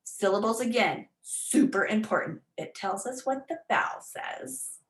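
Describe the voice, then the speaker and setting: A woman teacher talks through an online workshop in a loose, chatty way, with fillers and restarts, and stops to sound out words. Her voice sits in a middle range and comes through a computer mic in a room with a clear echo. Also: mid-range voice, expressive, a little slow. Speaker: literacy teacher presenting a workshop. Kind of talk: informal online presentation.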